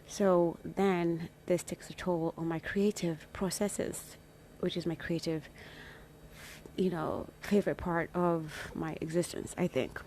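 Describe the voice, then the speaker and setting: A woman with a slightly low voice chats casually to her followers. She rambles along in a playful, loose way and keeps slipping into hushed, whispered asides. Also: steady tone, slow pace, slight background noise. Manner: chatty and rambling, with playful greetings. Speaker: vlogger.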